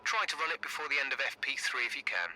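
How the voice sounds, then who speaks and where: A brisk race engineer on team radio. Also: male voice, mid-range voice, expressive, crowd noise, low-quality recording. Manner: brisk, matter-of-fact instructions.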